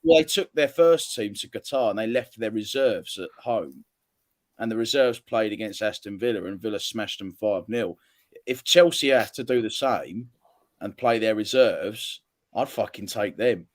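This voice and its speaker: A man's voice: fairly low pitch, moderate pace, no room sound, studio quality. A man from England chatting casually about football, rambling with lots of fillers and casual swearing. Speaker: podcast co-host.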